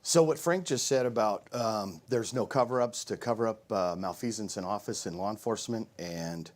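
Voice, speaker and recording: A sheriff candidate delivers pointed, emphatic debate answers and rebuttals. His voice sits a little low, pressing each point firmly. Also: normal speed.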